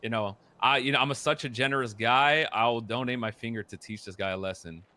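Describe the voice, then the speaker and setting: Young guy telling a story, bright tense voice, swears a lot, quotes people in low mumbles. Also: fairly quick. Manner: profane, animated, quotes others in muttered voices. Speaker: streamer recounting a roleplay story. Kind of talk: casual storytelling chat.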